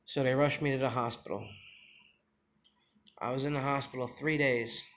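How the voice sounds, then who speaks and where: A young father telling a personal story in a confessional vlog, emotional and halting, with many pauses and fillers. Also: mid-range voice, fairly even intonation, a bit bright, a little hiss or hum. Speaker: father sharing his injury story.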